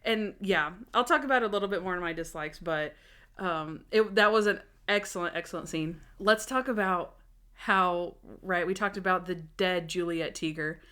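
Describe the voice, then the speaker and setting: A woman's voice: lowish voice, normal speed, fairly bright tone. Giggly woman podcast co-host. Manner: giggly, acts out characters' lines. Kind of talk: casual chat recapping a TV episode.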